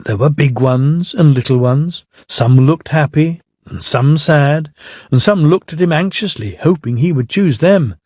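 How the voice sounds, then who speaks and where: Older male storyteller, measured reading; husky, close and dry. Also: on the high side, darkish tone, no room sound. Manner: measured and unhurried. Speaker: narrator. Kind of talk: scripted storybook narration.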